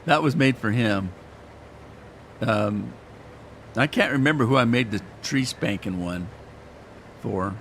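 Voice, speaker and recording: Older man, casual rambling game commentary, mid pitch, faint noise behind. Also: slow, vocal fry, pauses often, a bit bright. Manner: rambling, chatty, self-deprecating. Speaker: gaming streamer.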